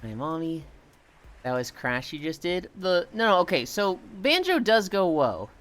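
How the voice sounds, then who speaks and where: A man streaming live and chatting with viewers as he exercises. His talk rambles, and his pitch is animated, jumping up and down. He talks casually and loosely, like a regular addressing his chat. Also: a little slow.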